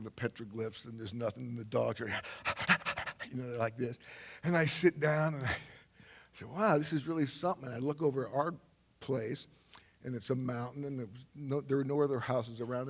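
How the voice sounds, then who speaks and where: A man's voice: medium pitch, normal speed, creaky, slightly rough. An older man telling a loose, rambling anecdote on stage to a live audience, full of fillers and laughs. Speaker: guest speaker.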